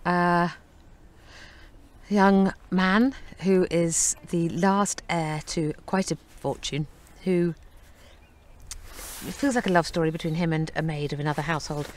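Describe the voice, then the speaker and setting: A woman's voice: lowish voice, steady tone, a little slow, a little hiss or hum. A woman speaking as an actress in a press interview about her film, chatty and good-humored. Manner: chatty and good-humored, often breaking into laughter.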